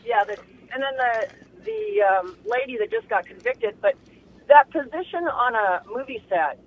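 A woman calling in from her car, asking a question with halting, hesitant phrasing. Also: high voice, big pitch swings, a little hiss or hum. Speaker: caller. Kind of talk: call-in question on phone. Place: in a car while driving. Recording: tinny phone line.

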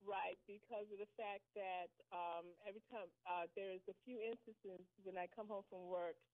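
A woman's voice: medium pitch, fairly even intonation, moderate pace, no room sound. Hesitant middle-aged woman on a tinny phone line. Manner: hesitant, full of ums and restarts. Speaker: caller. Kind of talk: phone-in conversation. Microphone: telephone.

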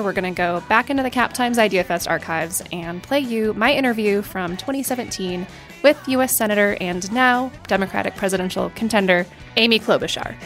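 A woman host introducing an archived interview with measured, clear delivery. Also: medium pitch, fairly bright tone. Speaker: podcast host and event moderator. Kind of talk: scripted podcast intro.

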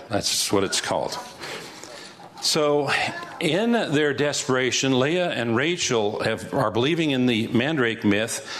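A man's voice: mid-range voice, fairly bright tone. A man pastor teaching a Bible passage verse by verse in a conversational way, asking rhetorical questions.

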